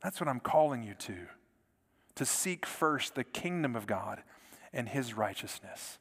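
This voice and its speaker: A male pastor preaching a sermon with an earnest delivery, repeating words and dropping to a soft hush to stress a point. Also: mid-range voice, expressive, a little slow, big-room sound. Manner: earnest, repeats words, drops to soft quiet lines for emphasis.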